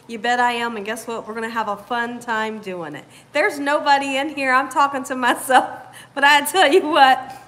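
A woman hosting a cooking livestream, lively and upbeat, greeting viewers by name as they join. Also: high voice, normal speed. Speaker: cooking channel host.

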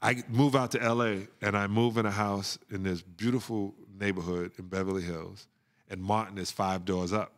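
A middle-aged man, a guest on a podcast, telling stories in an animated way, laughing often and acting out the people he quotes. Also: lowish voice, normal speed. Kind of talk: storytelling in a podcast interview.

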